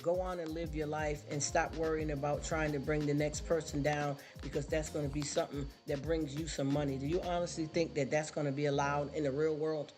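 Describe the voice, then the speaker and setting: A man's voice: a little high, flat delivery, brisk, hardly any pauses. Preachy man ranting on a livestream. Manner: preachy, repeats himself, rhetorical questions. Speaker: livestream host. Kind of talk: casual livestream rant. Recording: livestream with music behind. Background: background music.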